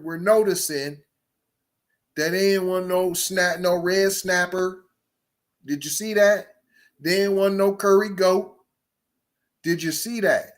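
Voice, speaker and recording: A podcast host with a high-pitched voice reads an article aloud, breaking off into emphatic commentary packed with rhetorical questions.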